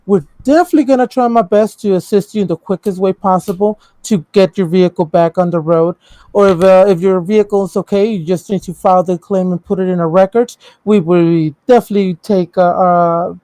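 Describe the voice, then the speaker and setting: A blunt stream guest chatting over voice chat. The voice is mellow and dark and sits at a middle pitch. The sound is very dry and close. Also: brisk, no echo. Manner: blunt, swears freely, mimics a polite phone agent.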